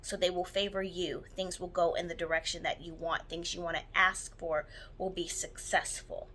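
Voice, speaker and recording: Her voice is lowish, level and sharp, moving at a moderate pace. She's a spiritual practitioner explaining jar spells to camera in a loose, chatty how-to, with many ums and restarts, and she sounds excited about her own work.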